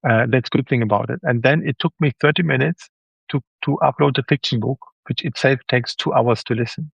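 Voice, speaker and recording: Gravelly man with German accent. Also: medium pitch, a little fast, no room sound, dull audio. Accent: German, with some Swiss. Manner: animated, acts out quoted reactions. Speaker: guest author. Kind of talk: casual interview chat.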